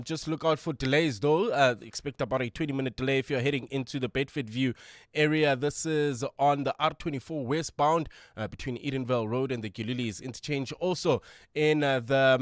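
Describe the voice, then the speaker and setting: A man with a South African accent whose first language is Sepedi, giving a brisk radio traffic report. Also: medium pitch, dry recording, clean studio sound. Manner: brisk, matter-of-fact reading.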